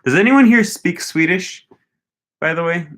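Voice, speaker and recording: A young man casually thinking aloud as he tries a language app, slowly repeating foreign phrases after a recording. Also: high voice, lively intonation, a bit bright. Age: young adult. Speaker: language learning vlogger. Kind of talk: casual commentary while using a language app.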